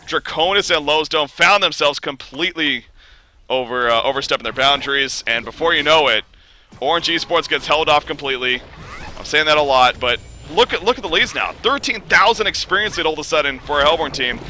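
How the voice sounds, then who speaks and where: Hoarse young guy casting an esports game on a headset, kinda high, really bright and edgy tone, a bit of faint hiss behind. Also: brisk. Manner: excitable, climbs into shouts during fights. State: losing his voice, a little under the weather. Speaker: esports caster. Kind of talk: play-by-play esports commentary.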